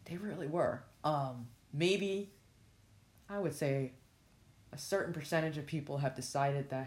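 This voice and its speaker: A woman's voice: low-pitched, measured pace, a little mellow. A woman hosting a podcast, reading aloud and adding blunt, frustrated commentary with frequent swearing. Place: at work with patients.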